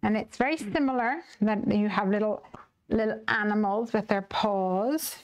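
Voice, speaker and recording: Chatty woman with a soft Northern Irish accent. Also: medium pitch, moderate pace, dull audio, a little hiss or hum. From Northern Ireland. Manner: chatty, reads and answers viewer comments live. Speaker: live stream craft host. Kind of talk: casual chat while demonstrating card making.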